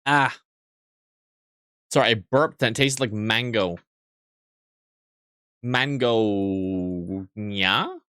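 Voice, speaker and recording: A man's voice: on the low side, drawn-out words, pauses often, sharp tone, clean tone, no room sound, studio quality. A man streaming a video game, rambling in casual commentary, swearing freely and poking fun at himself.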